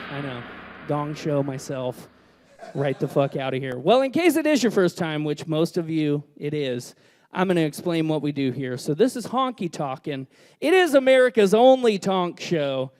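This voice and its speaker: A man hosting a live comedy and music show in a small venue, joking with the crowd in a brash, profane way. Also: a little high. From Kentucky. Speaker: host.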